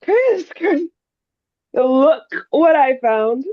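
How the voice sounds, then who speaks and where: A woman plays a lively young woman in a table read, her voice high and quick. The recording sounds dry and slightly dull. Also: no room sound. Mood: playful. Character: millennial daughter, playful and defensive. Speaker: Anna.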